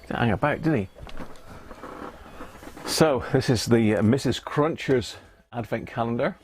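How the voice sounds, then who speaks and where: A man's voice: medium pitch, measured pace, breathy edge. A man from Britain hosting a casual live stream, chatting away, often laughing and thanking viewers. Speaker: livestream host.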